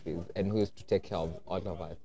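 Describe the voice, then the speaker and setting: Laid-back young Kenyan man, low voice. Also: steady tone, quick pace, mellow. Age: young adult. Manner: laid-back, giggly, mixing English and Swahili. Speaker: guest. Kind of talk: casual interview chat.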